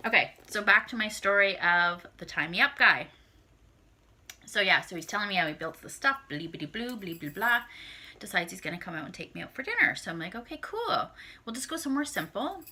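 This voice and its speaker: A woman's voice: lowish voice, animated, brisk, pushed and bright. A woman, telling a dating story to camera in a blunt, profane, casual way. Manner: blunt, heavily profane, acts out her own reactions. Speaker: vlogger.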